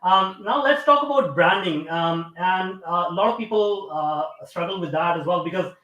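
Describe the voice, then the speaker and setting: A man's voice: high-pitched, normal speed, sharp tone. A man hosting an interview, asking questions hesitantly with many fillers. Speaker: interview host. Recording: roomy echo.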